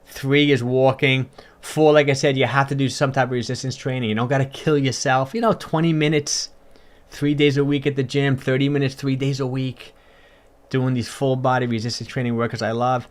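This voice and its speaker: A man's voice: medium pitch, level tone, normal speed. A man, a fitness coach, talking casually on a livestream and answering viewer comments in a chatty, upbeat way with lots of fillers and repeats.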